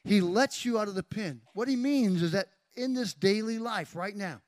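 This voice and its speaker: Recorded dry in studio quality, a man with a high-pitched, darkish voice speaks at a moderate pace as a pastor. His sermon features a live demonstration, and he calls on congregation members by name.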